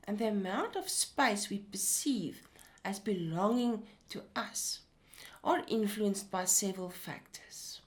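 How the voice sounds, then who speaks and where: A woman presenting an educational talk in a slow, deliberate way. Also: mid-range voice.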